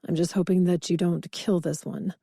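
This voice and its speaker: A woman's voice: on the low side, little pitch movement, normal speed, gravelly, warm tone, husky, no room sound, clean studio sound. Woman doing a self-assured, teasing rich man. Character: wealthy confident man, teasing and protective.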